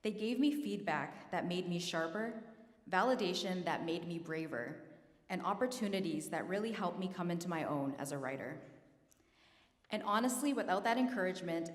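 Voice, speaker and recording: Lowish woman's voice in an echoey hall. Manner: earnest and self-deprecating, holding back tears. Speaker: award recipient giving acceptance speech. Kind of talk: prepared acceptance speech. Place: large hall at an awards ceremony. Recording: echoey hall, roomy reverb.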